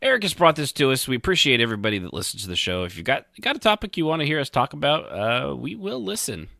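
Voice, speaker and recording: A man's voice: mid-range voice, big pitch swings, quick pace, gravelly, pushed and bright, dry recording, clean studio sound. A man co-hosting a podcast in casual chat, joking and sarcastic, laughing often. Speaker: podcast co-host.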